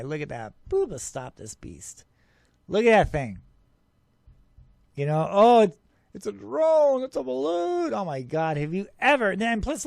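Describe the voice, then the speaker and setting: A man with a high voice hosts a UFO show and talks over his own footage in an excitable, rambling way. He laughs often and scoffs at doubters. The sound is dry and close. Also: dry recording. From Arizona, USA.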